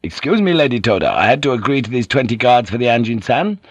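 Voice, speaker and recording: A man reading a brisk samurai officer who is courteous yet commanding. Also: medium pitch, big pitch swings, no room sound. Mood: apologetic.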